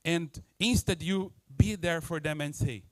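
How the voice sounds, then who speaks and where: High-voiced animated male preacher. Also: measured pace, no echo, poor audio. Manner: animated, acts out everyday scenes, non-native English grammar. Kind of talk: sermon. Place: church.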